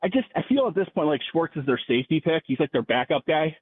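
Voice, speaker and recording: A high-voiced man phones in to a sports talk show and rants with biting sarcasm. His pitch swings widely and his voice sounds husky. The tinny, phone-like line sounds dry. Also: very animated, quick pace, dry recording. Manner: sarcastic, ranting. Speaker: caller. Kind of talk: sports radio call-in.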